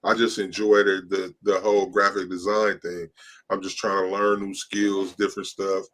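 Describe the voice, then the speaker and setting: Very low, flat-voiced man chatting casually. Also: normal speed. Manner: laid-back, talks in loose run-on phrases. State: has the hiccups. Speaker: podcast guest, t-shirt designer. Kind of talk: casual podcast chat.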